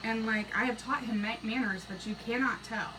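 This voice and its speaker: Casual crafting host, woman, 30s, bright-ish higher voice, chatty with viewers, off-mic and noisy. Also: moderate pace. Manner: chatty, greets viewers by name, drops to a soft half-whisper while working. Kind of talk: casual live-stream chat while crafting. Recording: distant mic with noisy background.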